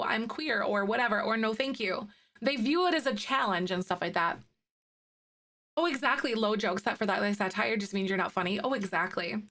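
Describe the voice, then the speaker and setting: In casual live-stream chat while gaming, a young woman with a fairly bright, higher-pitched voice answers her viewers' messages, chatty and full of laughs and fillers.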